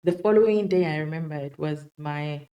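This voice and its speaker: South African woman, animated faith testimony. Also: low-pitched, moderate pace, lo-fi sound. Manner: animated storyteller acting out quoted dialogue. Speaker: medical doctor interview guest. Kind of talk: personal faith testimony told as a story.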